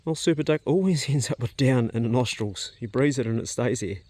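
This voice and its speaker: A vlogger with a New Zealand accent walks around his rural homestead, filming on a handheld camera and casually narrating while he works outdoors. He's chatty and matter-of-fact, swearing casually, in a medium-pitched, darkish voice that moves fairly quickly with no echo.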